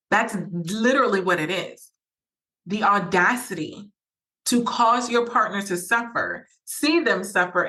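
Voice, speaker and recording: Her mid-range voice has a sharp tone as this woman hosts a podcast of personal advice. She is earnest and emphatic, repeating phrases often and acting out quoted thoughts.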